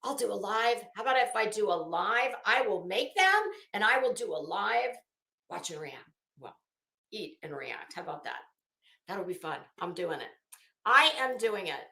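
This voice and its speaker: A woman's voice: mid-range voice, sing-song, moderate pace, creaky, bright, forceful tone, echoey room. A woman hosting a casual live stream, chatting with viewers by name and swearing freely. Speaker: live stream host reading chat.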